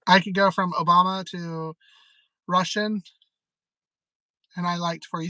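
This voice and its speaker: Giggly, rambling stream host. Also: male voice, sits high, measured pace, long pauses, bright, forceful tone, rough recording. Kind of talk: casual live-stream chat.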